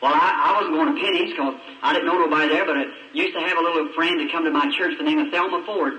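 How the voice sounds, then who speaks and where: A preacher tells a personal story during a sermon, speaking quickly with a steady, sharp tone in a folksy, emotional way, and he acts out voices in a high pitch. The lo-fi recording comes from an old tape made with a distant mic in an echoey church.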